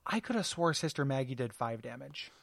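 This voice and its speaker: A man's voice: mid-range voice, expressive, brisk, creaky, fairly bright tone, dry recording. A man co-hosting a podcast in casual chat, hesitant and full of fillers, laughing easily. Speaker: podcast co-host.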